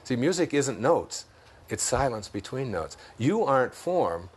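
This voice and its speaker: A man with a Detroit accent, a guest in an interview, speaking in an unhurried, musing way and chuckling at his own jokes. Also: mid-range voice, very animated, slightly rough. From Detroit, United States. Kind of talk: reflective interview talk.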